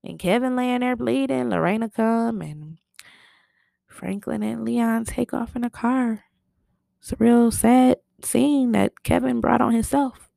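A woman's voice: a little high, measured pace, gravelly, warm tone, no room sound, clean studio sound. A woman casually recapping a TV episode, telling it in a chatty, slangy way with lots of fillers.

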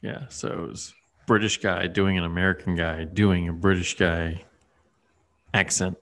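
A man's voice: deep voice, level tone, a little slow, fairly bright tone. A man in casual chat, rambling with lots of fillers and restarts.

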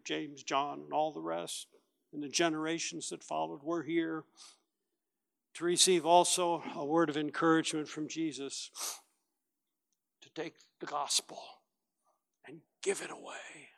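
A man preaching a sermon as a pastor, telling the story with lively acted-out voices and big swings from loud to quiet. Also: on the high side, gravelly. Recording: long reverb of a large hall.

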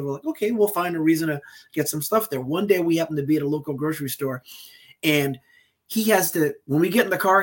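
Husky-voiced man telling a story. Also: a little high. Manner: animated, acts out quoted dialogue. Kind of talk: conversational storytelling.

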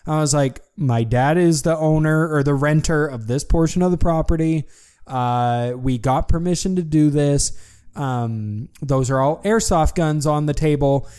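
A young man casually telling a long story to a friend, animated and full of fillers. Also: on the high side, unhurried, clean tone. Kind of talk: casual chat.

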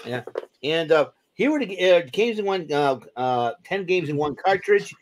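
While co-hosting a podcast, a man does an excited, meandering show-and-tell of a gadget, using plenty of fillers in casual chat. His slightly high voice is animated and set at a measured pace.

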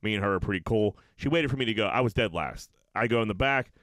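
A man's voice: lowish voice, animated, quick pace, a bit bright, dry recording. Profane storytelling man, dry close mic. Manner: profane, rambling, acts out quotes. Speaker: podcast co-host. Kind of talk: casual storytelling chat.

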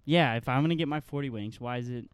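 A man's voice: mid-range voice, quick pace, clean tone, no echo. A young man joking with a friend on a podcast, laughing often and swearing freely. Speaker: podcast co-host. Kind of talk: casual banter.

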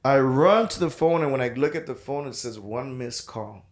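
A man telling a raunchy road story in casual podcast chat, profane and animated, acting out the people he quotes. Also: medium pitch, brisk, reverberant. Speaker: podcast guest.

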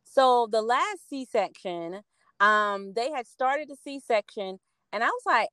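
A woman tells stories in casual chat and acts out the quotes with energy. Her voice sits a little high. The sound is close and dry, with no room around it. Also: takes it slowly, smooth, dry recording. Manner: animated storyteller, acts out quotes.

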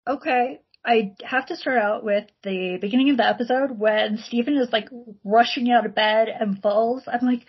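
A woman, a podcast guest chatting casually, relaxed and talkative with many likes and ums. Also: on the high side, normal speed, few pauses, slightly rough. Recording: slightly dull, lo-fi audio.

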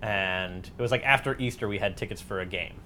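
A man's voice: lowish voice, a little fast, a little hiss or hum. A man co-hosting a casual podcast, telling a story with jokes. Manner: lively, joking storyteller. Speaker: podcast co-host.

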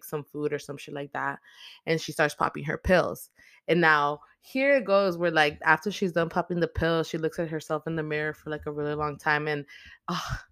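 Woman host, low-pitched and dry-sounding, animated profane movie recap in heavy slang. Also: clean tone, no echo.

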